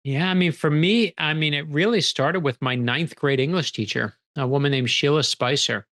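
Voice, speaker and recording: A man, a guest author, telling stories in an energetic, animated conversational way and acting out quoted dialogue. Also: a little high. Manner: energetic, animated, quick bursts when excited. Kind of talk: conversational storytelling.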